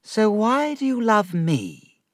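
A man voicing a sweet, childlike young woman who is easily upset, with high, drawn-out girlish lines. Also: wildly swooping pitch, a bit bright, dry recording, studio quality, full character voice. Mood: probing.

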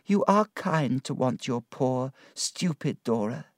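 A man voicing a young wife who is gravely ill, speaking softly, quietly and weakly. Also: medium pitch, animated, takes it slowly, no room sound, clean studio sound, pitched above the performer's own voice. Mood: tender, fading. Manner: soft, quiet and weak. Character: young dying wife, gentle and loving.

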